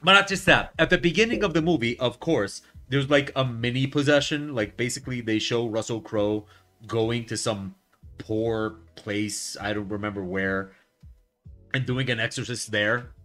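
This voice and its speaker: Soft background music plays as a man with a mid-range voice chats at a moderate pace on a live art stream while he draws. His storytelling is wry and lively, full of fillers, restarts and rambling.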